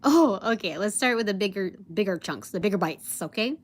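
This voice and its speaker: A woman's voice: mid-range voice, fairly quick. A young woman telling a work story on a casual livestream, rambling with many fillers and acting out her boss's lines. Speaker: vlogger.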